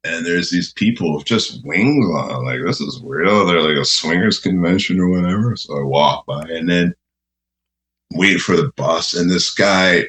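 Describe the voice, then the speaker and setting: This man's voice sits low and has a sharp edge. He's a guest of a radio host, telling rambling anecdotes in a casual interview and laughing as he goes.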